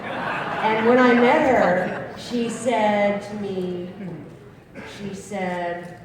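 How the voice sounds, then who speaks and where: A woman in her fifties telling a story to a crowd at a recovery rally, swinging from hushed asides to shouting. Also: mid-range voice. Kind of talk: public speech. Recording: echoey hall from far off with crowd.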